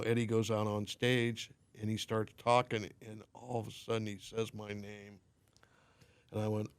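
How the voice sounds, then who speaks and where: A man guesting on a podcast, telling stories casually and acting out the quoted dialogue. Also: fairly low pitch. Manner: animated storyteller, acts out quoted dialogue. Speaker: podcast guest, limo company owner.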